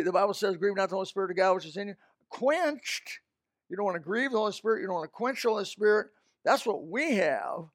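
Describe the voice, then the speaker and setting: A man preaching a sermon in an emphatic style, swinging between loud outbursts and quiet, low asides. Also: no room sound, clean studio sound.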